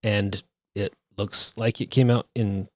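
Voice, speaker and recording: A man's voice: fairly low pitch, steady tone, takes it slowly, dry recording. A man on a casual board game podcast, teasing his co-hosts and talking up games with enthusiasm. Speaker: podcast co-host.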